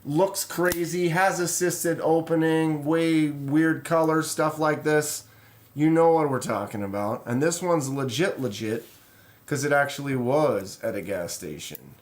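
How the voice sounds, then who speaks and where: A man's voice: on the high side, unhurried, a little hiss or hum. Laid-back man rambling on a live stream. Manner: relaxed, rambling, reads chat aloud. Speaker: knife channel host. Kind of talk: casual live stream chat.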